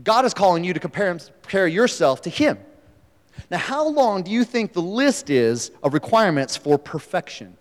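A man's voice: high voice, sing-song, normal speed. A man preaching a sermon in a casual, conversational way, telling the story with animation. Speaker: pastor. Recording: echoey hall, long reverb.

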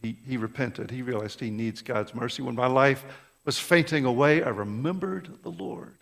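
A man's voice: medium pitch, moderate pace, vocal fry. A male pastor delivering an impassioned sermon, full of rhetorical questions and repeated words, in a church. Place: church sanctuary. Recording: long reverb of a large hall.

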